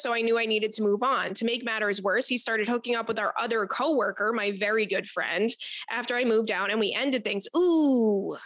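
A young woman hosts a casual advice podcast with a fairly high voice. She rambles through her stories in an animated way and swears freely. The recording is dry and close to the mic. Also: dry recording. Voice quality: animated, profane, rambling storyteller. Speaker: podcast host.

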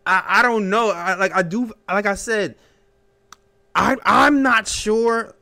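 A man hosting a casual sports talk show, animated and emphatic, tossing out questions as he thinks aloud. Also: high voice, slow pace, vocal fry. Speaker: host.

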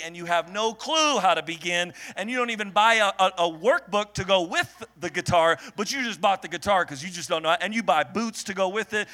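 A man preaching a sermon to a congregation, joking with the crowd and swinging from low murmurs to shouted peaks. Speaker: pastor. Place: church hall before a congregation.

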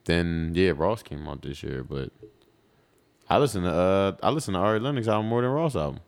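A man co-hosting a podcast, talking in casual, animated chat and often starting lines with "yo". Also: low-pitched, fairly quick, creaky. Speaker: podcast co-host.

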